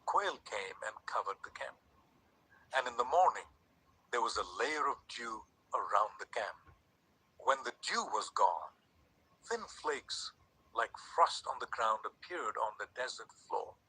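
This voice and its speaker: A man giving a dramatic Bible reading, swinging between loud emphatic lines and hushed whispers. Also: medium pitch, slightly rough, rough recording. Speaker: scripture reader.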